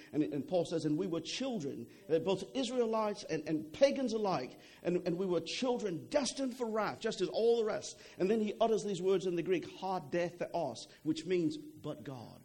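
A man's voice: a little high, expressive, normal speed, few pauses, a little mellow. A young adult man preaching a sermon in a conversational way, often checking in with "okay?" and repeating words as he goes.

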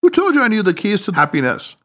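A man's voice: high voice, fast, pitched above the performer's own voice, exaggerated voice. A man doing a mischievous old martial arts sage. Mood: teasing. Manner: teasing, then soothing and calm. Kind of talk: audiobook character voice.

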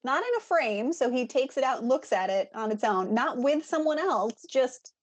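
A woman's voice: high voice, expressive, normal speed, husky. A woman co-hosting a podcast, talking casually and inquisitively about a film. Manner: inquisitive, talkative. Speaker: podcast co-host. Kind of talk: casual movie review chat.

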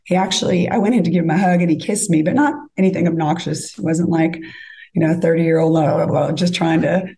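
A woman's voice: deep voice, fast talker, vocal fry, low-quality recording. A woman casually telling a dating story as a podcast guest, acting out the lines of others. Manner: animated, acts out quoted lines.

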